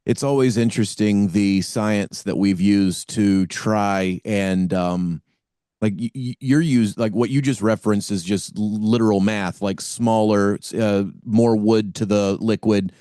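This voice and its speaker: A man's voice: lowish voice, steady tone, unhurried, dark tone, clear, resonant tone, no echo, clean studio sound. A man hosting a podcast interview, enthusiastic and often restarting his sentences. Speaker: podcast host.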